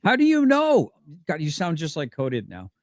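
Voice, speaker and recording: A man's voice: a little high, wildly swooping pitch, moderate pace, no room sound, studio quality. A man in a heated argument, exasperated and pressing his point.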